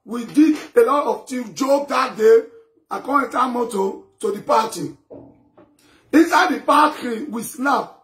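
A man with a Nigerian Pidgin accent ranting emphatically to camera, often breaking into shouts. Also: extremely high pitch, unhurried. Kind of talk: impassioned rant to camera.

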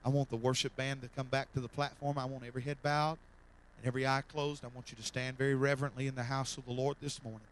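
A male pastor preaching a sermon in a church, swinging from loud fervent calls to soft repeated lines. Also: mid-range voice, little pitch movement, fast talker, rough recording. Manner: fervent, repetitive preaching that swells loud then drops soft. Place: church sanctuary.

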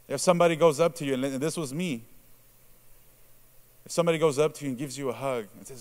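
Fast, smooth, and a little mellow, a man delivers a sermon like a conversation, questioning listeners and ending points with "right?" He's a native Spanish speaker who drops his voice to act out quoted reactions.

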